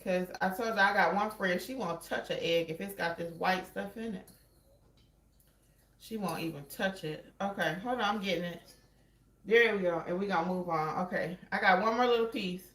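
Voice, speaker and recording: A woman's voice: on the low side, moderate pace, fairly bright tone. Chatty woman vlogging in a roomy kitchen. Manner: chatty, addresses viewers as y'all. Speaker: cooking vlog host. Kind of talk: casual cooking demo chat. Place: home kitchen.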